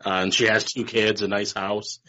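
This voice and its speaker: A man co-hosting a casual horror news livestream, rambling through animated stories. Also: on the low side, normal speed, crowd noise. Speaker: podcast co-host. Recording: lo-fi livestream audio.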